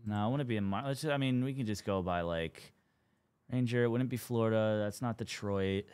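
A man's voice: fairly low pitch, moderate pace, a little mellow, clear, resonant tone. A young man hosting a live card break stream, chatting casually as he calls out cards and teams.

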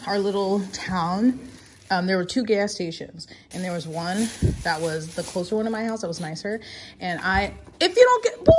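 A woman's voice: medium pitch, slight background noise. A young woman vlogging in a casual, frank way, swearing freely and talking about being tired and crampy. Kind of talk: casual vlog chat. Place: in a car, then at home.

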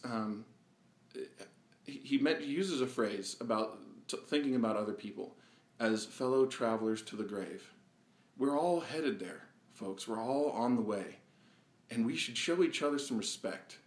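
Earnest man, slightly breathless, echoey room. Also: mid-range voice. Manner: earnest and reflective, with frequent pauses and fillers. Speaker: vlog host. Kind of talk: personal video monologue. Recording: roomy echo.

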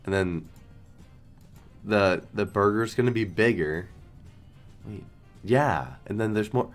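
A man's voice: fairly low pitch, takes it slowly, long pauses, soft background music. A young man who is sick and coughing, chatting casually and rambling as he streams a slot game. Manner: rambling, self-deprecating, lots of restarts. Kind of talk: casual gambling stream commentary.

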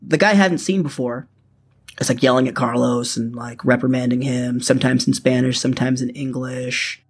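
A man's voice: mid-range voice, fairly even intonation, moderate pace, soft background music. A young man telling his own story in first person, casual and profane, full of fillers.

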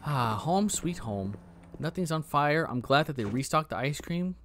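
A man giving jokey, animated commentary while playing a horror game. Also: a little high, moderate pace, a little hiss or hum. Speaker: gaming video creator. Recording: loud game music behind voice.

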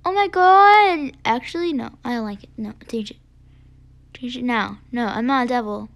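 A woman giving chatty gameplay commentary, excitable, gasping often and dropping into whispered asides. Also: on the high side, normal speed, vocal fry. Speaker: gaming video creator.

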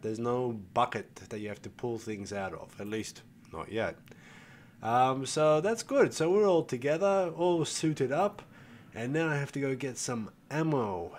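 An older man with a mid-range voice hosts a gaming video, chatting casually and thinking out loud while he plays. He swears freely and calls his viewers "folks." There's slight background noise behind his relaxed gameplay commentary.

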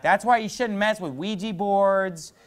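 A man's voice: high-pitched, unhurried. A middle-aged male pastor preaching a sermon, telling stories in a loose, conversational way with lots of "you know".

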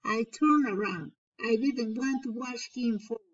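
A woman teacher reads a children's story aloud and translates the key words. She speaks slowly in a slightly high voice. The recording sounds dull and lo-fi, like a home lesson video. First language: Spanish. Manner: slow, explaining and translating into Spanish.

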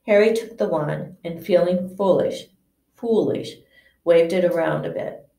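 A woman teacher reads a novel aloud in an unhurried, unpolished way, often stumbling and restarting words. Her voice is low and gravelly. It sounds distant and roomy, as if the mic sits far across a classroom. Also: mellow. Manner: unpolished, frequent slips and restarts. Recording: echoey room, distant mic.

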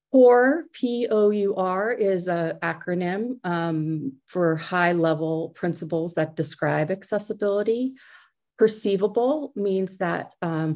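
A woman's voice: low-pitched, warm tone. A middle-aged woman giving a conference talk over a video call, speaking conversationally with fillers and restarts.

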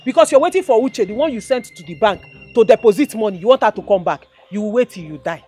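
A mocking Nigerian fiancée. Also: female voice, medium pitch, lively intonation, fast, dark tone, slightly rough. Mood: scolding. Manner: mocking, scolding, switches into pidgin taunts. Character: sharp-tongued fiancée confronting a cheating man. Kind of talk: Nigerian movie drama. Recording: faint background music score.

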